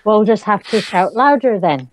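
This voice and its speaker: A woman's voice: mid-range voice, expressive, normal speed, no echo. A woman making teasing, mock-bossy asides in a casual group movie commentary.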